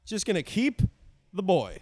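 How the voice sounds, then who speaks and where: A man's voice: huge pitch swings, measured pace, a little mellow, exaggerated voice. A man doing a boastful Italian-accented old father. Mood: possessive. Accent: put-on Italian. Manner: boastful, high and theatrical. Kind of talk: comedic improv bit.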